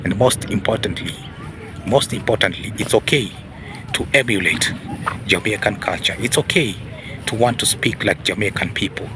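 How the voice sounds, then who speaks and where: A man's voice: on the low side, moderate pace, background noise. A man hosting an opinion monologue, preachy, often asking the audience rhetorical questions. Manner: preachy, repeats "ladies and gentlemen" and rhetorical "huh?". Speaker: video host.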